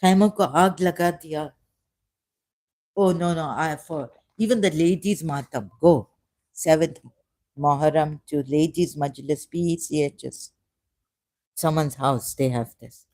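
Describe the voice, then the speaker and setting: A woman from Pakistan giving a digressive personal monologue, dropping to soft asides and rising to emphatic outbursts while repeating phrases. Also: sits low, a little slow, long pauses, no echo. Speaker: ex-Muslim speaker sharing his views.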